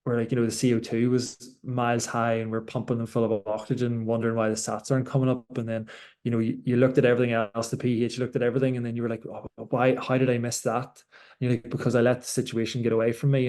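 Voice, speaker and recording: A man's voice: medium pitch, level tone, quick pace, darkish tone. A young man from Ireland, a doctor and rower, talking reflectively in an interview with many restarts. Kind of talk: conversational interview.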